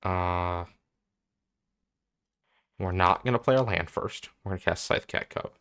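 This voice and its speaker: In gameplay commentary on his own card game, a young man talks a little slowly with a low, slightly bright, clean-toned voice. He's a content creator thinking aloud, swearing and getting exasperated as he plays.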